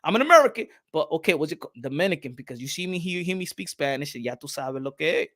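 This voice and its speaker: A man's voice: fairly high pitch, racing. A man hosting a casual podcast, talking animatedly with many repeated words and switching into Spanish phrases while acting out exchanges. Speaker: podcast host. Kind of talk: casual talk.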